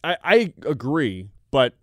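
A man's voice: medium pitch, sing-song, takes it slowly, dry recording, clean studio sound. A young adult man hosting a sports radio show, reading listener texts aloud and reacting in a casual, conversational way.

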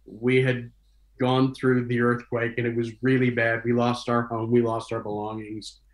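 A man's voice: medium pitch, normal speed. A man speaking in a middle-range voice tells stories from his working life in a loose, conversational way. He brings the people in his stories to life by slipping into their voices. The room around him rings with noticeable echo. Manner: animated, acts out quoted dialogue in different voices. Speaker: guest recalling his career. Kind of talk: casual storytelling.

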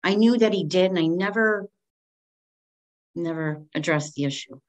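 A middle-aged woman speaks as a guest, voice a shade low for a woman. She tells a personal story openly and expressively. She acts out the lines of the people in it. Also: normal speed, long pauses. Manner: candid and expressive, acts out quoted speech.

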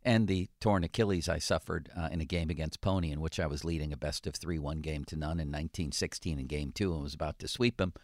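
A man hosting a sports radio talk show, chatting casually with jokes and reading ads in a relaxed, conversational way. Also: very deep voice, fast talker, few pauses, no echo, clean studio sound.

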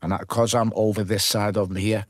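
Liverpool man, low voice, blow-by-blow storyteller. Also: level tone, brisk, no echo. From Liverpool, England. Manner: vivid blow-by-blow storytelling, swears freely. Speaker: guest, former boxer. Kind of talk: casual podcast interview.

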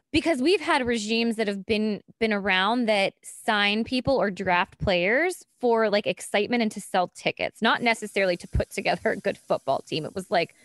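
A woman talking sports in a casual chat, her pitch swinging widely and her voice dry and close. She is opinionated and chatty, with plenty of fillers. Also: dry recording. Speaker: sports podcast co-host.

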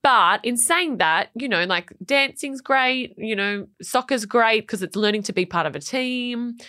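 A woman in her thirties co-hosting a parenting podcast, animated and often laughing. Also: a little high, a little slow. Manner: animated, laughing, mimics voices. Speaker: podcast co-host. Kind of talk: casual chat.

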